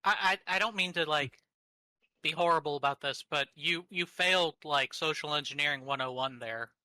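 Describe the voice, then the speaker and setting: A man's voice: fairly high pitch, moderate pace, sharp tone, no room sound. A man chatting casually before a tabletop game, teasing the others. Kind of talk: casual pre-game banter.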